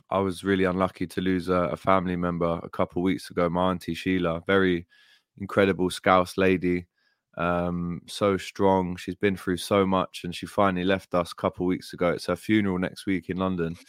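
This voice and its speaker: A man's voice: deep voice, smooth, no echo, clean studio sound. A man co-hosting a podcast in casual chat, enthusiastic and heartfelt, often calling his co-host "mate" and "bro". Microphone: podcast microphone.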